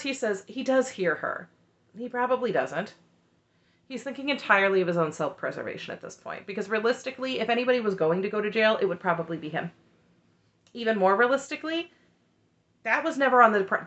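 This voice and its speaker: A woman's voice: medium pitch, a little fast, dull audio. A woman recapping a reality show in a casual, opinionated way, with candid commentary and frequent asides. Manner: candid and animated, talks through her frustration with frequent asides.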